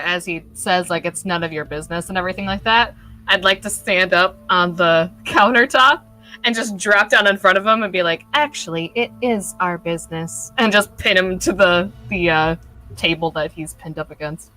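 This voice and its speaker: A woman playing a tabletop game, eager and quick to laugh, describing her moves. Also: on the low side, sharp tone, faint music behind. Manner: giggly, eager. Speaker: player. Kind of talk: casual tabletop play.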